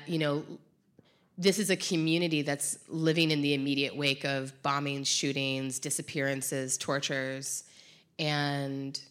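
Woman with a low voice, reflective, pauses to find words. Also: fairly bright tone. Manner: thoughtful, searching for words. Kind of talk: reflective conversation.

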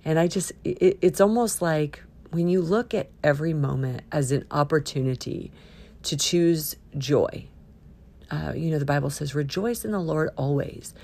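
A woman hosting a solo podcast in a playful, quirky way, swinging from loud cheer to a near-whisper. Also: sits low, normal speed, vocal fry. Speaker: podcast host. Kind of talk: upbeat solo podcast talk.

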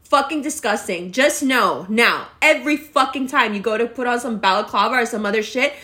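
A woman's voice: on the high side, brisk, bright, forceful tone. A woman ranting to camera, blunt and confrontational, with heavy profanity. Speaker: vlogger. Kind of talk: angry rant to camera.

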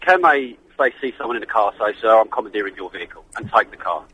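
A man's voice: fairly low pitch, lively intonation, fast, bright, forceful tone, a little hiss or hum, rough recording. A man calling into a radio phone-in, easygoing and laughing along with the host. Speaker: caller. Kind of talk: phone-in call.

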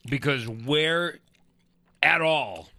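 A man's voice: a little high, extremely slow, gravelly, pushed and bright. A man co-hosting a podcast, chatting casually with dry teasing remarks and swearing. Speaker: podcast co-host. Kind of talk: casual profane chat.

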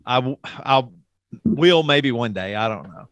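A man's voice: mid-range voice, animated, unhurried, fairly bright tone, no echo. A middle-aged man co-hosting a podcast, talking frankly and at length in casual chat, swearing and restarting his sentences often. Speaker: podcast co-host.

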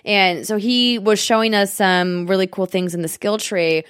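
Woman cohost on a games podcast, chatty and upbeat, dry close mic, middle pitch. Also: steady tone, normal speed, a bit bright, clean tone, no echo. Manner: upbeat ad read, then chatty and explanatory. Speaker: podcast co-host. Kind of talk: casual gaming podcast chat with ad read.

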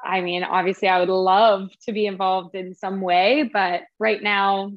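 An actress as a podcast guest, telling stories in a lively, laughing way. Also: female voice, medium pitch, unhurried. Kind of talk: casual podcast chat. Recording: slightly dull lo-fi sound.

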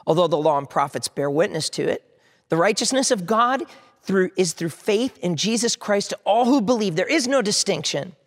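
Gravelly-voiced male pastor preaching in a reverberant hall. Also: high voice, expressive, moderate pace. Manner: earnest preaching, quotes prayers and hecklers aloud. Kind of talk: sermon.

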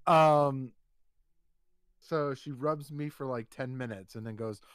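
A man's voice: medium pitch, slow, fairly bright tone, no echo. A man telling a long, rambling story in a casual chat, swearing freely and restarting his sentences often.

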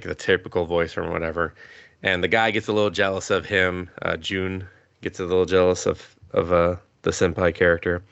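A low, gravelly man chats loosely about shows on a podcast. He jumps between thoughts, swears freely and chuckles as he goes. His voice has a rough fry to it. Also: a bit bright, muffled recording. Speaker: podcast co-host. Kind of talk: casual anime review chat.

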